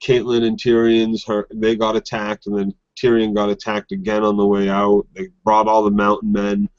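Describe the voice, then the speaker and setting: A man co-hosting a casual TV recap podcast, chatty and quick to laugh. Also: fairly low pitch, completely flat delivery, darkish tone, no room sound. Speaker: podcast co-host. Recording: dry, dull lo-fi audio.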